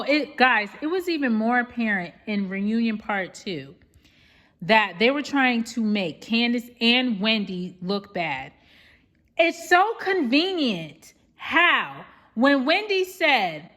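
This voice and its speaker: Bright-voiced woman ranting. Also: on the high side. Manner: emphatic, indignant, addresses viewers as "y'all". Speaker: vlogger reviewing a reality show. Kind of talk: heated rant recap.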